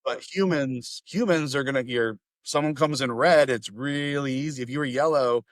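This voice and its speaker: A man hosting a podcast in casual conversation, animated and laughing often as he talks in quick bursts. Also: medium pitch, dry recording. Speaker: podcast host.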